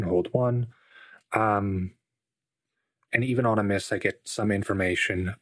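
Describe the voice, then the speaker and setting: A man's voice: lowish voice, no echo. A man playing a tabletop role-playing game, hesitant and thinking aloud with many fillers. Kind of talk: casual actual-play chat.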